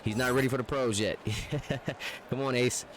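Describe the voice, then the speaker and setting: A man giving live, chatty play-by-play commentary on a basketball video game, getting excited and joking as he calls the action. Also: medium pitch, normal speed. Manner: excitable, chatty, jokes and argues with the refs. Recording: loud game crowd noise behind.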